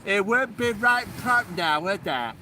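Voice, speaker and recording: A man's voice: high voice, lively intonation, a little slow, sharp tone, far from the mic, a little hiss or hum, full character voice. A man putting on a drawling Somerset yokel. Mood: playful. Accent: put-on Somerset.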